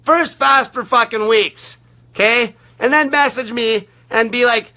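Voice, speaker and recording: Brief: fired-up young male fasting coach, high forceful voice, profane and blunt. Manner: aggressive, heavy swearing, blunt. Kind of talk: profane ranting monologue.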